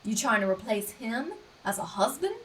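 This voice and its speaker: A woman briefly imitating a teasing male film actor, asking slow mock-threatening questions. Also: a little high, sing-song, fairly bright tone, far from the mic, a little hiss or hum, rough recording. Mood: mock-stern.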